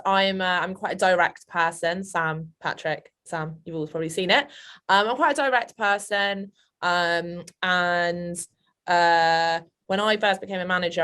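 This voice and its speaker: A woman with a London accent talks on a webinar panel, her voice sitting slightly low. She talks in a chatty, unpolished way, full of ums and restarts. She comes through a video call. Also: fairly bright tone. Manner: chatty, hesitant, many fillers. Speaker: sales manager panelist.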